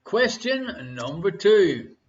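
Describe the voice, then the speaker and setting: An Irish man with a high voice and big pitch swings takes things slowly while hosting a live internet quiz from his home. He jokes, chats, reads questions twice over, and banters with his partner, heard through dull lo-fi stream audio.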